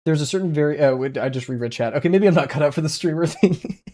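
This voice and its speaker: A young man streaming his drawing sessions, chatting casually with viewers in a rambling, excitable way and laughing often. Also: a little high, fast talker. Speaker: art livestreamer.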